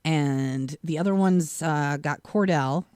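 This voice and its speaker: A woman's voice: low-pitched, slow, darkish tone, smooth, dry recording, clean studio sound. A middle-aged woman from Massachusetts co-hosting a casual live stream, telling family stories and acting out voices as she goes. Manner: chatty storyteller, acts out voices, laughs often. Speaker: co-host.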